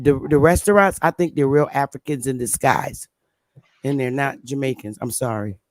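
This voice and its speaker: Woman, blunt host, emphatic, repeats herself, dry close sound, no room echo. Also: rumbling low. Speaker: show host. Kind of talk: casual opinionated chat.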